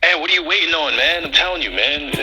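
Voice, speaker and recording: A man from New York co-hosting a podcast in casual chat, relaxed and emphatic with street slang. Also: on the high side, quick pace, music in the background, rough recording. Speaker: podcast co-host.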